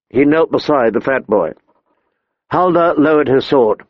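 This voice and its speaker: A man reading an audiobook in a measured, steady storytelling manner. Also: medium pitch, dry recording, muffled recording. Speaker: narrator. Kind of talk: audiobook narration.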